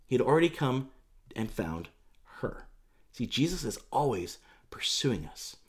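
A man's voice: medium pitch, sing-song, unhurried. A man preaching a sermon as pastor, telling the story in a conversational, emphatic way with casual fillers.

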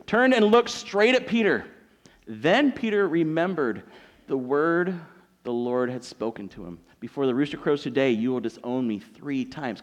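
Man, pastor, sermon, high voice, animated storytelling.

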